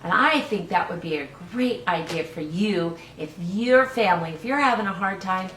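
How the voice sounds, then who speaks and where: Brief woman storytime host, lower voice, slow and singsong, recorded from a distance. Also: lively intonation, slight background noise. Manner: gentle, coaxing, asks the listener questions. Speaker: storytime host reading to young children. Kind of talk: children's storytime, talking straight to kids. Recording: echoey room, voice from off the mic.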